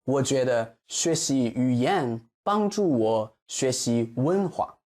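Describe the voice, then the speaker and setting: Guy teaching mandarin pronunciation, very lively pitch, repeats phrases slow and clear. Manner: slow, exaggerated modeling of Chinese phrases. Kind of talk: pronunciation lesson.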